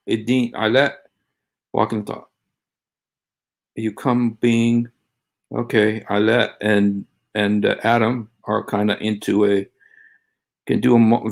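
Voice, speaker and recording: A man hosting a casual livestream, talking in a halting, rambling way with many fillers and restarts. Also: medium pitch, vocal fry. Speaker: livestream host.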